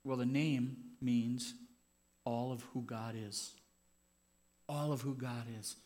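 A man preaching a sermon as pastor in a church, moving from quiet, personal reflection to loud, impassioned stretches. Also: medium pitch, fairly even intonation, slow.

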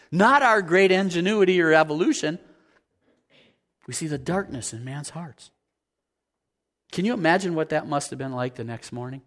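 Animated man preaching a sermon. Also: high-pitched. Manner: animated, acts out everyday scenes, asks the congregation questions. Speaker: pastor.

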